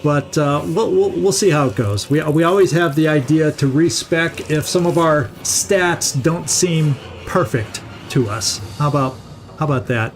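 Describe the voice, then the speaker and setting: A middle-aged man hosts a gaming channel let's-play, chatting casually and thinking aloud as he plays, often restarting words. His voice is a little high and unhurried, with slight background noise.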